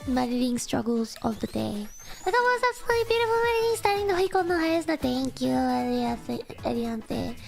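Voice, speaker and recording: A woman's voice: high voice, big pitch swings, moderate pace, gravelly, soft background music. A woman streamer chatting casually and reading donations, bubbly and giggly with lots of fillers, her voice still sleepy and just waking up. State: sleepy morning voice.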